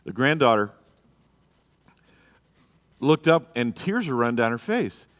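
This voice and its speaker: A man pastor teaches a live marriage class in a church, blunt and exhorting as he presses the men in the room. His voice sits at an ordinary middle pitch. He peppers his talk with "you know" and "okay?". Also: very animated, measured pace, long reverb tail. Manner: acts out quoted people in a raised voice.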